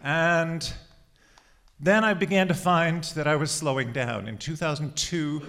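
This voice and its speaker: A man's voice: fairly high pitch, a bit bright. A man in his forties, slightly out of breath, telling his life story in a conversational way. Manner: conversational storytelling with laughs and pauses. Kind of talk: personal life story told to an audience.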